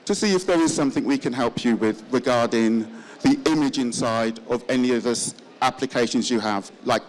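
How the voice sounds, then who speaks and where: A man with a Yorkshire accent pitches his company to a room. He talks in a halting way, with fillers and repeated words. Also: low-quality recording. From northern England. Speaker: company representative presenting. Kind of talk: event pitch talk.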